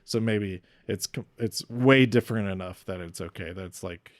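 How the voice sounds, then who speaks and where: A man's voice: fairly low pitch, normal speed, no echo, studio quality. A man talking through a wrestling show in a casual, rambling review, often restarting sentences and getting openly emotional.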